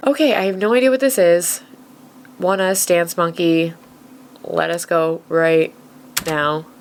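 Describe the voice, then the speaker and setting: A young woman hosting a reaction video, chatting casually and gushing excitedly, with the odd swear. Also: on the low side, a little slow, smooth.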